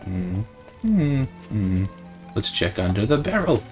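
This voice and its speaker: A man's voice: on the low side, very animated, unhurried, a little mellow. Jokey man commentating a game. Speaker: let's play host. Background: faint game music.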